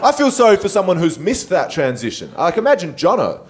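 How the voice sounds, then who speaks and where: A young adult man with an Australian accent doing stand-up on a comedy stage. His voice sits on the higher side, and he talks in a loose, conversational way with plenty of swearing. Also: huge pitch swings, a little fast.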